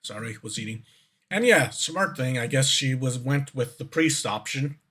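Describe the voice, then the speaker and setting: A man's voice: mid-range voice, lively intonation, moderate pace, bright, forceful tone, husky. A man streamer giving casual reaction commentary who rambles, swears, and fills his talk with fillers and restarts.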